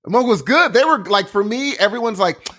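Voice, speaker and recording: A man's voice: sits high, lively intonation, a little fast, a bit bright. A young man co-hosting a podcast, rambling in casual chat and acting out little voices. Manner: rambling, jokey, acts out voices. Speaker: podcast co-host.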